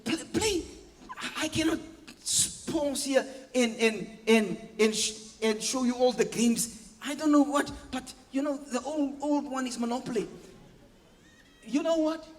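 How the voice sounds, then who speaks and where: Man, pastor preaching, very high voice, call-and-response, long church reverb. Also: measured pace. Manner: acts out scenes with playful mimicked voices and sound effects. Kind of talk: sermon. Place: church hall.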